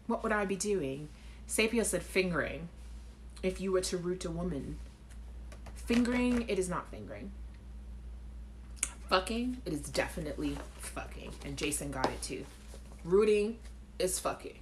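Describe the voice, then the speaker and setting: A woman's voice: fairly low pitch, expressive, moderate pace, long pauses, a little hiss or hum. A woman hosting a live chat show, talking casually to viewers, reading out their comments and laughing. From Caribbean.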